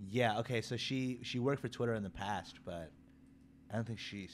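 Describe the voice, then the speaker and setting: A man's voice: lowish voice, normal speed, a little hiss or hum. A man co-hosting a casual podcast, explaining insistently and repeating his point. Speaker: podcast co-host.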